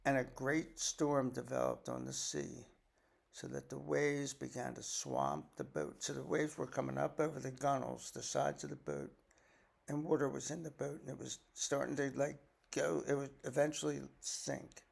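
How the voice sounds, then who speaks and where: A man's voice: medium pitch, normal speed, gravelly. An older man, a grandfather, reading scripture aloud and breaking off for folksy, chatty asides to explain it. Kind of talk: bible reading with casual commentary.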